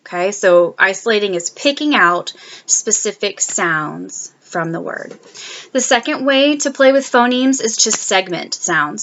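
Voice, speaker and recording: A woman teacher explaining a lesson in a clear, deliberate way, sounding out speech sounds and checking in with "okay?". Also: medium pitch, a bit bright, dull audio. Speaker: teacher presenting a course lesson.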